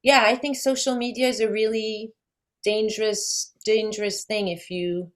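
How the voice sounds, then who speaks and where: A woman, a guest chatting in an interview and telling lively stories with frequent laughs. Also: mid-range voice, normal speed. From France. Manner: animated storyteller, laughs often. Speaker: guest, actress. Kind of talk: casual interview chat.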